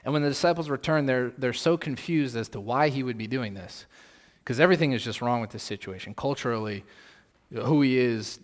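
With a mid-range voice, a male pastor delivers his sermon, tossing out rhetorical questions. He moves from booming emphasis to quiet asides, and the hall around him rings with long reverb.

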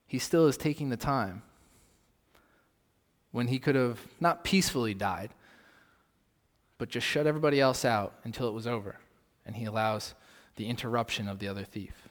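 A male pastor delivering a sermon, posing rhetorical questions and swinging from loud emphasis to soft asides, in a long hall reverb. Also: medium pitch, moderate pace.

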